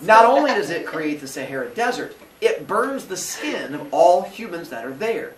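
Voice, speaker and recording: Lively teacher telling a myth to class. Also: male voice, a little high, normal speed, a crowd in the background. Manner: playful, acts out characters, asks the class questions. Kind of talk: animated storytelling to a class. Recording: roomy classroom, mic at a distance.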